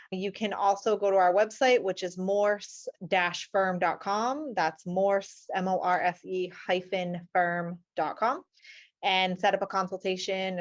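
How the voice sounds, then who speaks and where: A woman family law attorney telling lively anecdotes as an interview guest, often acting out what people said. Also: mid-range voice, dull audio. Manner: animated, acts out quotes with shifting voices.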